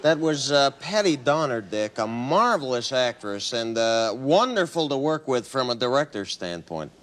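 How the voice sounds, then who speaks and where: A man playing a pompous film director in a comedy sketch, bossing the set around and bursting into shouting rants. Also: mid-range voice, big pitch swings, moderate pace. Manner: bossy, theatrical, erupts into shouting. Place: TV studio with audience. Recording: noisy broadcast tape.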